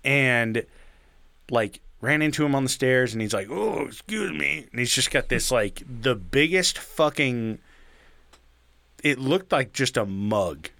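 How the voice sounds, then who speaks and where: A man's voice: mid-range voice, expressive, unhurried, sharp tone, no echo. Casual, rambling young man telling a story. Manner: rambling, with many fillers and swearing.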